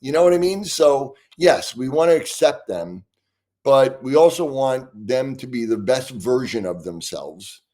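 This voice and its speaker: A man's voice: medium pitch, expressive, unhurried, dark tone. A man, a guest expert in an interview, speaking earnestly and passionately, often restarting his sentences. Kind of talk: conversational interview answers.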